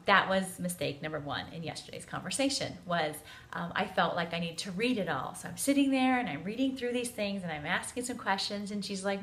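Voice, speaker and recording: A woman in her forties telling a family story in a chatty, animated way, acting out the quotes. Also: medium pitch. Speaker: parenting vlogger. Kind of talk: casual storytelling to camera.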